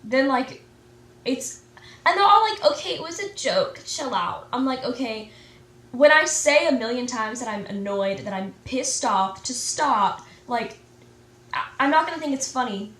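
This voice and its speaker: A woman's voice: high voice, animated, a little slow, fairly bright tone, distant mic. A teenage girl in casual chat, rambling and saying "like" constantly as she complains. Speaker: co-host. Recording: echoey room from off-mic.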